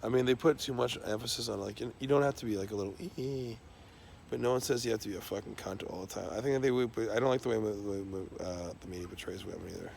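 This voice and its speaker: A man's voice: on the low side, fast, gravelly, darkish tone, a little hiss or hum. A man talking in a loose, rambling monologue, swearing constantly and trailing off into fillers and restarts.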